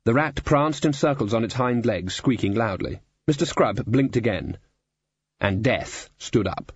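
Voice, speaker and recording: A man reading a comic fantasy novel aloud in scripted narration, dry and even. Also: medium pitch, measured pace, slightly rough, dry recording, muffled recording. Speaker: audiobook narrator.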